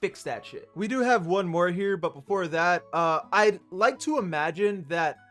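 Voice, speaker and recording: A man's voice: sits high, normal speed, a bit bright, faint music behind. A young man hosting, giving loose, profane casual commentary on concert clips and laughing between points. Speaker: host.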